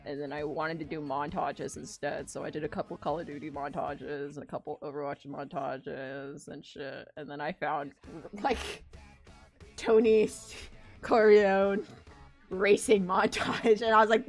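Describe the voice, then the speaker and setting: A woman's voice: deep voice, normal speed, soft background music. A woman streaming her drawing, chatting in a rambling, casual way with plenty of swearing. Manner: rambling, profane, animated storytelling. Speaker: streaming artist. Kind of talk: casual chat while drawing.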